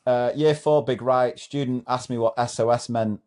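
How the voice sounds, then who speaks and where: Brief: amused man reading anecdotes aloud, mid pitch, keeps cracking up. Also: fairly even intonation, moderate pace, a little mellow. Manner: amused, often breaks into laughter while reading. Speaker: host reading out a thread of teacher stories. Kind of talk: casual reading of funny anecdotes.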